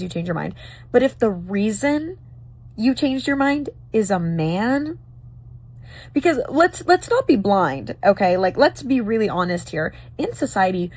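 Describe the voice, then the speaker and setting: Emphatic woman ranting to camera. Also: medium pitch. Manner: emphatic, repeats phrases, apologetic asides. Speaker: social media commenter. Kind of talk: casual opinion monologue to camera.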